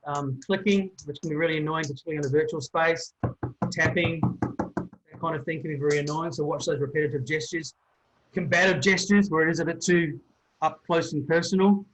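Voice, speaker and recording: A man with an Australian accent coaching a webinar on body language over a video call, talking quickly with frequent restarts. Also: fairly high pitch, fairly bright tone, poor audio. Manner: quick, with many fillers and restarts. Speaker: presentation coach. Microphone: computer mic on a video call.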